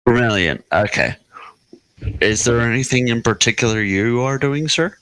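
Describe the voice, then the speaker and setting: A man's voice: medium pitch, animated, moderate pace, a bit bright, clean tone, no room sound, poor audio. A man running a tabletop game as game master, laughing often and restarting his sentences.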